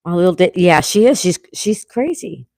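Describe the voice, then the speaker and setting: A woman hosting a casual live chat, greeting viewers by name and gently scolding her dog, with a sore throat coming on. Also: on the low side, expressive, normal speed, gravelly, no room sound, studio quality. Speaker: livestream host.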